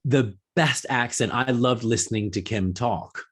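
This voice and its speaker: A man on a podcast as a guest, chatting casually with a halting delivery and frequent restarts. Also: mid-range voice, a loud crowd. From grew up as a military kid on Okinawa. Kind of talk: casual conversation. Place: lives in London.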